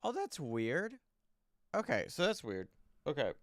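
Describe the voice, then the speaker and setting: A man's voice: on the high side, huge pitch swings, measured pace, no room sound, clean studio sound. A man live-streaming from home, thinking aloud in casual chat while he fiddles with his desk microphone settings and gets frustrated.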